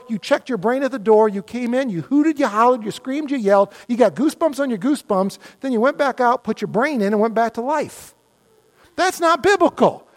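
A middle-aged male pastor giving an animated, conversational sermon full of mock dialogues. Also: very high voice.

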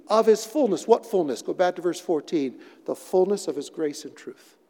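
A male pastor giving an expository sermon, with dramatic pauses and emphatic repetition in a church sanctuary. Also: high voice, dark tone. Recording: long reverb of a large hall.

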